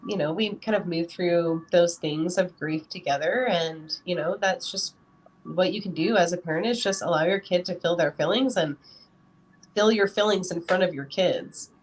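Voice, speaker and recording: Woman on a podcast, kinda low voice, rambly, says you know a lot. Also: normal speed, slight background noise. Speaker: podcast guest; parent. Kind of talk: casual interview talk.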